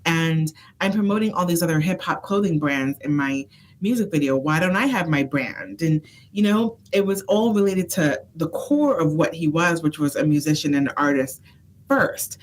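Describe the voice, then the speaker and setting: A woman's voice: low voice, animated, normal speed. A woman who works as a consultant, co-hosting a casual chat and giving earnest advice. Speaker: consultant and co-host. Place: phone booth studio.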